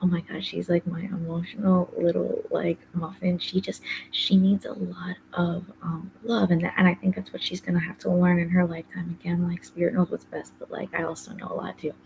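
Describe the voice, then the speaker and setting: Speaking in a fairly low, monotone voice with vocal fry, this podcast host talks a little fast, barely pausing, with a slightly mellow tone. Her casual personal monologue rambles, packed with "like" and "um," and she often drops to a whispery undertone. The low-quality recording carries a little hiss or hum.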